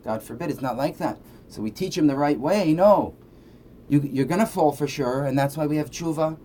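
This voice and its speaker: Speaking at a normal pace in a slightly high voice with a dark tone, a man teaches Torah informally and keeps asking "right?" as he goes. Faint background noise can be heard.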